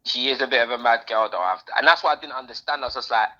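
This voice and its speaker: A woman's voice: very deep voice, rapid-fire, sharp tone. A woman co-hosting a podcast, chatting in an opinionated, slangy way. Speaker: podcast co-host. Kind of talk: casual chat. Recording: dull lo-fi sound.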